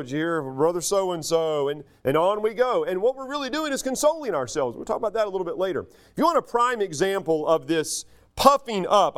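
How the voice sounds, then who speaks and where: Guy with a high voice preaching, chatty sermon, lots of uh and asides, voice dips low for jokes. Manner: conversational teaching, frequent fillers and asides; wide swings in pitch, drops low for jokes and asides. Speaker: pastor.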